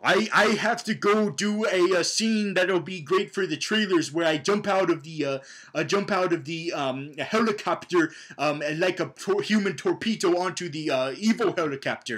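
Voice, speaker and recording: A man's voice: high-pitched, normal speed, fairly bright tone, husky. A man voicing a gung-ho old cyborg soldier in a gleeful, cheering parody voice.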